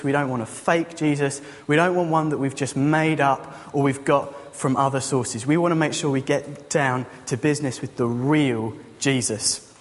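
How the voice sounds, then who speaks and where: A man delivers a sermon in a chatty, joking way, his voice sitting a little high. A long reverb from a church hall trails after his words. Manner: casual, joking, conversational. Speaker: youth leader and preacher.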